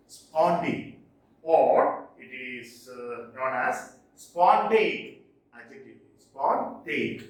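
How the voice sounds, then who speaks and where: A man teaching in a recorded video lesson, his fairly high voice leaping up and down with emphasis. He speaks very slowly, repeating terms and checking whether it is clear. The sound is roomy and echoey, picked up from a distance. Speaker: English teacher. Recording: echoey room, distant mic.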